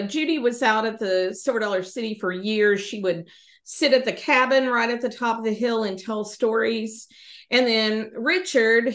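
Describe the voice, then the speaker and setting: A woman's voice: on the high side, a bit bright. A woman, hosting a podcast and reading a folksy ghost story aloud with fillers and small slips. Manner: folksy, pauses with fillers and self-corrections. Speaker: podcast host.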